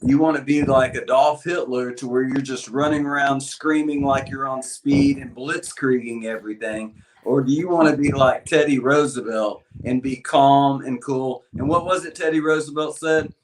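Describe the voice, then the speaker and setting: A man dog trainer talks over a video call. His voice sits at a middle pitch, and his delivery is calm, measured and reflective. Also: poor audio. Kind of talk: casual panel chat.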